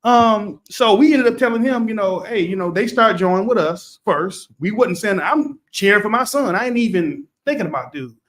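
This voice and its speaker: A middle-aged man co-hosting a podcast, telling a story in a casual, animated way that turns loud as he retells it. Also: high voice, moderate pace, few pauses. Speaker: podcast co-host.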